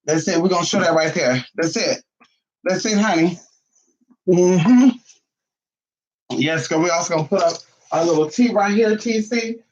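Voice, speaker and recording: A man vlogging casually from home, sassy and profane, cooing baby talk at his dog, his voice a little hoarse. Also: high-pitched, moderate pace, long pauses, dull audio. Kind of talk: casual chat to camera.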